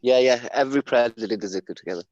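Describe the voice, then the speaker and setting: A student recounting something in class, hesitant and loose, pausing with fillers. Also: male voice, mid-range voice, a little mellow, dry recording, muffled recording. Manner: loose and hesitant, fills pauses with like and uh. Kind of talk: casual chat in class.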